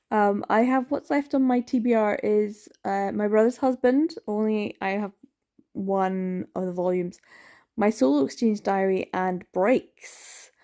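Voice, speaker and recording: A woman's voice: mid-range voice, a little mellow. Chatty woman vlogging her reads. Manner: chatty, rambling, laughs often, lots of ums. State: tired, yawning. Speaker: book vlogger. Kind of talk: casual reading vlog chat.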